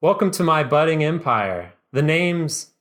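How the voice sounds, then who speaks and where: A man puts on a pasty, unkempt company boss with awkward, smarmy sales patter. The voice sits a little higher and pushes louder than an everyday voice. It is a storytelling podcast read. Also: expressive, a little slow. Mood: smarmy pitch.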